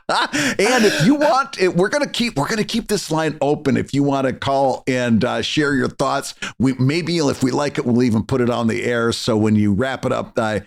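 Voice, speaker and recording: A man's voice: mid-range voice, gravelly. A man co-hosting a casual podcast, stumbling over his words and laughing easily. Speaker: podcast co-host. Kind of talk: casual chat.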